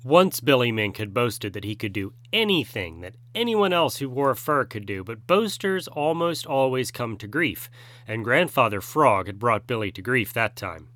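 A man narrating a classic animal storybook in a measured, gentle way. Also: mid-range voice, very animated, no echo.

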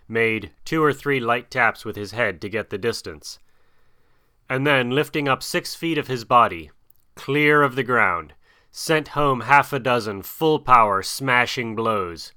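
A man reads a classic story aloud in a measured, expressive way. His voice is bright and crisp, and the sound is close and dry. He keeps an even narrator's pace. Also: lowish voice, no echo. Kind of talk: storybook reading.

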